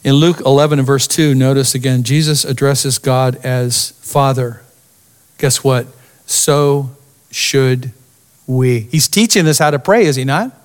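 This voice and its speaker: A man preaching a sermon as pastor, expressive, dropping to a near-whisper for emphasis. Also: medium pitch, a little slow.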